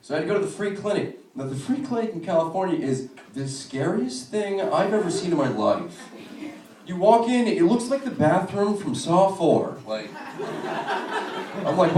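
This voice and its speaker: A man in his twenties doing a stand-up comedy set in a club, telling profane, animated stories with quick asides. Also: fairly high pitch, echoey room, far from the mic, slight background noise.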